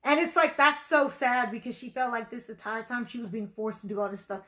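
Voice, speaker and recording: A woman's voice: on the high side, fairly quick, sharp tone. A woman giving casual reaction commentary on a TV episode, rambling and chatty, full of "like" and "you know". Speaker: video reactor.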